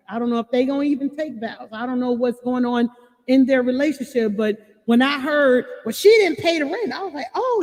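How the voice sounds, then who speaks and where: A woman's voice: sits high, a little mellow, in a large hall. A woman hosting a casual talk to her online audience, speaking emphatically, laughing often and asking listeners directly whether they follow her. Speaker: host.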